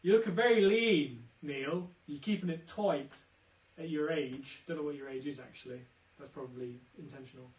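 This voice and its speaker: Male quiz host, bright and chatty, high voice, roomy off-mic sound. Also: moderate pace, distant mic. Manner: chatty, upbeat, teasing shout-outs. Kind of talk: live-streamed quiz banter. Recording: roomy, off-mic, faint music.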